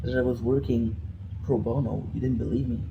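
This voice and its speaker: A man's voice: medium pitch, steady tone, a little fast, vocal fry, muffled recording, background noise. A man vlogging an emotional personal rant, rambling and frustrated, often restarting his sentences.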